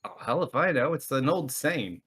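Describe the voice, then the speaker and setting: A man running a tabletop game as dungeon master, animated, slipping into comic voices for characters. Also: mid-range voice, moderate pace, breathy edge.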